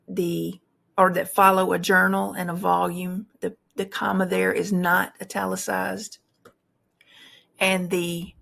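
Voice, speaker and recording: A woman's voice: lowish voice, creaky, fairly bright tone. A woman instructor explaining formatting rules in a recorded tutorial, talking through examples with frequent fillers and restarts.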